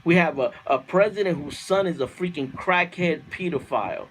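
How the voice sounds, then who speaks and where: A man ranting on a livestream, fiery and profane, repeating himself and climbing into shouted outbursts. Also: on the high side, normal speed, soft background music. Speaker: livestream host reading viewer comments. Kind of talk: heated political rant on a livestream.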